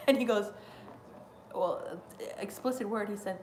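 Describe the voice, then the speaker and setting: Young woman, live-stream host, rambling casual chat, frequent laughs, fairly high pitch. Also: moderate pace, a little hiss or hum. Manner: rambling, filler-heavy, laughs often.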